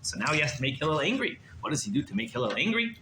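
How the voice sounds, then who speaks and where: A male rabbi tells a story to a class in a lively, chatty way, often checking in with his listeners. His voice sits a little high and moves up and down a lot. The room is echoey, with clear noise behind him. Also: rapid-fire. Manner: lively, conversational, asks listeners "right?".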